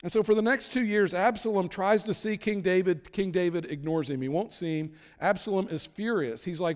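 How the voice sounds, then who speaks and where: High-voiced man preaching in a reverberant hall. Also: fairly quick, few pauses. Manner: casual retelling with acted-out quotes. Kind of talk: sermon storytelling.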